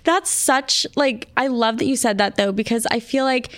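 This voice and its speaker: A woman's voice: on the high side, moderate pace, a bit bright. A woman co-hosting a casual interview, chatty and upbeat, often saying "like.". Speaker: co-host.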